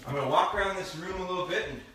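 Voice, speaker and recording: High-pitched, very fast, and sharp-toned, a male dog trainer speaks candidly to viewers while demonstrating training live in his home kitchen. He coaches them head-on, with the room echoing and faint noise in the background.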